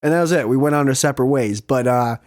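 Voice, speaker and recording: A man hosting a podcast, telling a story in an animated, profane way and laughing often. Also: mid-range voice, fast, no echo, studio quality. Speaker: podcast host. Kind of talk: casual storytelling chat.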